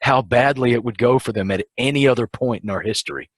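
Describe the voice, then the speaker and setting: A man's voice: mid-range voice, fast, husky, no echo. A man in casual chat, musing wryly and laughing easily.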